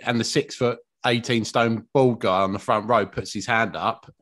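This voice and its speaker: A man's voice: medium pitch, fairly even intonation, moderate pace, few pauses, a bit bright. A man, a guest on a podcast, talking in a blunt, rambling way in casual chat.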